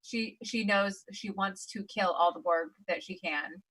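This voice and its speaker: A woman in a casual group chat, an enthusiastic fan making quick comments. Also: medium pitch, fairly bright tone, breathy edge, poor audio.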